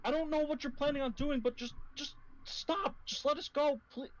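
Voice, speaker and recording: A man's voice: extremely high pitch, steady tone, normal speed, dull audio, pitched above the performer's own voice. A man voicing a frightened young woman held captive, begging desperately to be let go. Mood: pleading.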